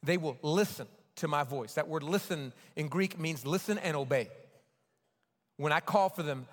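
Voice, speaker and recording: A pastor giving a sermon and altar call, swinging between loud urging and hushed pleading. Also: male voice, on the high side. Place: large church sanctuary. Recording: long hall reverb with faint music.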